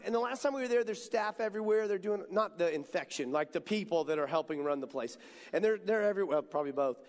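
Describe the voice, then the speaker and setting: A high-pitched man in his thirties speaks to a student crowd, animated and chatty, leaning into every story. His voice carries a long, echoing reverb from a large hall. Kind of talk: storytelling sermon.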